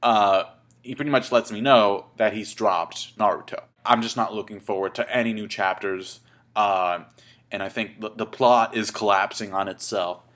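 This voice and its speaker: A man's voice: lowish voice, fairly even intonation, moderate pace, fairly bright tone. A man in his twenties telling a casual story to camera, rambling and swearing, with many fillers and restarts. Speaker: vlogger.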